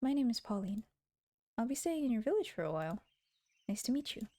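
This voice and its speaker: A woman's voice: fairly high pitch, big pitch swings, brisk, dark tone, no echo. A woman voicing a peppy, determined young foreign woman who talks earnestly and stammers when flustered.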